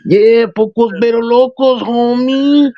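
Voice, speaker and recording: A man voicing a swaggering young male street tough who taunts in drawn-out slang. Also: very high-pitched, fairly even intonation, dull audio, pitched above the performer's own voice, heavily acted. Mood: boastful.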